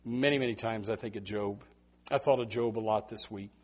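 A man preaching a Baptist sermon, swinging from loud emphatic bursts to hushed asides. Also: fairly low pitch, steady tone, a little fast.

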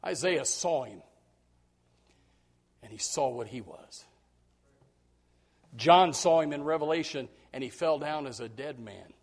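A man's voice: mid-range voice, expressive, a little slow, pauses often. A man preaching a sermon to his congregation, acting out quoted voices and repeating words as he builds his points. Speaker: pastor.

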